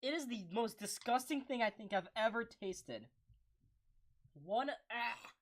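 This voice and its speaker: Slow-talking male hockey stream commentator. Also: very high-pitched. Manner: excitable, groans and laughs between calls. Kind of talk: live play-by-play reaction stream.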